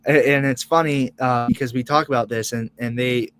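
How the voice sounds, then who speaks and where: A man's voice: mid-range voice, fairly even intonation, normal speed, a bit bright, smooth. A young man reacting live as co-host of a sports fan show, emotional and rambling, restarting and repeating words.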